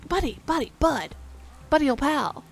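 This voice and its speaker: A woman's voice: sits high, lively intonation, normal speed, gravelly, slight background noise. Joking, swearing woman gamer. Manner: jokey, swears freely, talks back to the game. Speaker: video game streamer. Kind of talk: casual let's-play commentary, reading game dialogue aloud.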